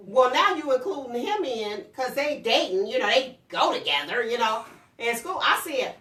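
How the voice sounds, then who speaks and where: A woman hosting a casual talk show, telling lively stories about her children and acting out their lines. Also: on the high side, moderate pace, far from the mic. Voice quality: lively storyteller, acts out quotes. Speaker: host. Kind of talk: casual chat. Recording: roomy, off-mic.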